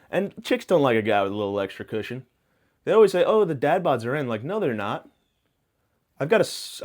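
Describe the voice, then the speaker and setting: A man hosting a podcast, rambling through a self-mocking comic monologue full of absurd tangents and deadpan hot takes. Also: on the low side. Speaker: podcast host.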